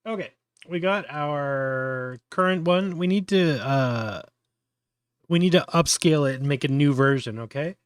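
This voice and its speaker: A man's voice: fairly high pitch, measured pace, clear, resonant tone, no echo, studio quality. A man hosting a casual live tutorial, thinking aloud with many fillers and restarts. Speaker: host.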